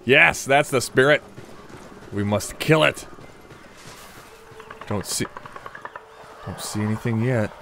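A man's voice: medium pitch, slow, vocal fry, long pauses, sharp tone, a little hiss or hum. A man giving joking, mock-dramatic commentary while playing a shooter game, taunting his enemies. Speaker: gaming video creator. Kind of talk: playful gameplay commentary.

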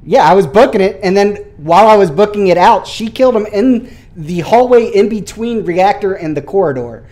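A man streaming a social deduction game, talking in animated, defensive casual voice chat over a headset mic. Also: sits high. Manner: animated, defensive, quick to laugh.

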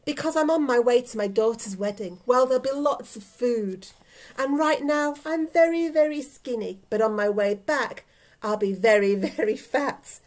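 A woman's voice: a little high, normal speed, a little mellow, lightly acted. Woman doing a quavering little old lady. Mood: pleading. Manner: quavering, pleading. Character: frail, skinny little old woman, polite and pleading.

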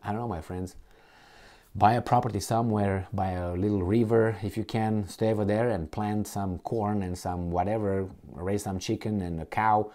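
A man giving a rambling political rant, hunting for words and turning heated when indignant. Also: steady tone. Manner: heated, gets louder and higher when indignant; halting, hunts for words and restarts.

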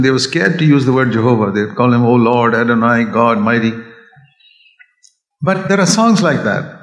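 A man's voice: medium pitch, expressive, moderate pace, highs cut off. An older man from India preaching an earnest sermon, often rising to an emphatic, raised voice. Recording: echoey hall sound.

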